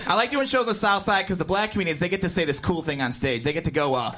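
A man from Indiana doing stand-up, telling a club story with animated delivery and shouted impressions. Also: high voice, fast, few pauses. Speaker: stand-up comedian. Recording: live club set with crowd noise.

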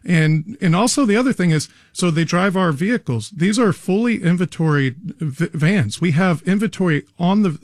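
A man's voice: fairly high pitch, no echo, studio quality. Earnest man explaining garage doors. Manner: earnest, explanatory, frequent restarts and fillers. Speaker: garage door company guest expert. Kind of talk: radio interview answers.

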